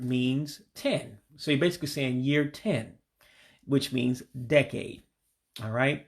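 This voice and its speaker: In a relaxed vocabulary lesson, a language learner with a gravelly, creaky voice pronounces each word slowly and patiently. His voice drops as he gives the English meaning, and his pitch is typical for a man.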